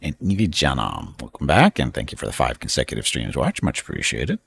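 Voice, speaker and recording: A man's voice: rumbling low, wildly swooping pitch, fairly quick, creaky, fairly bright tone. A man hosting a casual live stream from home, rambling and chatting with frequent laughs. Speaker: streamer host.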